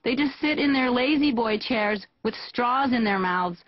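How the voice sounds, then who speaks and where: A woman's voice: fairly high pitch, lively intonation, unhurried, husky, no room sound. A woman doing dry observational stand-up, on dry, dull lo-fi TV audio. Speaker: stand-up comedian. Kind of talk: stand-up monologue.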